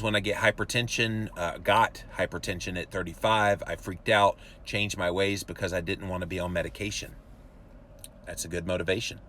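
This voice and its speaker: A man with a fairly low voice hosts a live show, talking straight at his viewers with emphatic, preachy energy. A faint hiss sits under the recording. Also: a bit bright. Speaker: podcast host. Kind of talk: live-streamed rant reading viewer comments.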